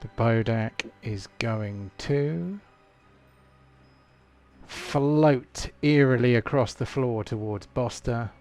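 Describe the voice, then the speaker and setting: A man running a tabletop game as game master, thinking aloud with frequent fillers and halting restarts. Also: medium pitch, darkish tone, soft background music.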